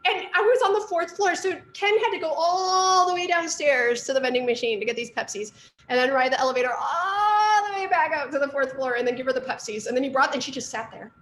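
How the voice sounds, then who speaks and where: A middle-aged woman with a slightly high voice tells stories from her art training in a chatty, rambling way. She is recorded in an echoey room with a faint hiss behind her. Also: lively intonation, brisk, a bit bright. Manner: chatty storytelling with fillers and asides. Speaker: artist and art teacher. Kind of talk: casual lecture talk.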